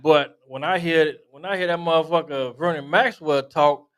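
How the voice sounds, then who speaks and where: A man's voice: a little high, moderate pace, smooth. Laid-back man, cussing banter. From South Florida. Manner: loose, profane, laughing banter. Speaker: co-host. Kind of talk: casual chat.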